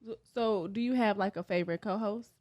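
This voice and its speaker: A woman's voice: mid-range voice, fairly quick, a little mellow, dull audio. A woman co-hosting a casual interview, asking questions in a laid-back, encouraging way. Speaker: co-host.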